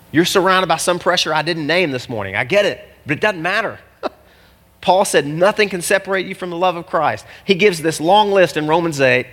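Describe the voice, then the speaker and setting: A man preaching a sermon as a pastor, animated and jokey, acting out the people in the story. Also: fairly high pitch. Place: church. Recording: long hall reverb.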